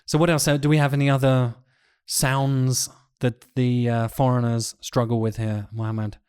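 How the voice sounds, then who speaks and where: A man's voice: medium pitch, little pitch movement, normal speed, darkish tone, clean tone, no room sound, studio quality. A man co-hosting a podcast, chatting playfully and mimicking how people pronounce sounds. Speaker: podcast co-host. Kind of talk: casual chat.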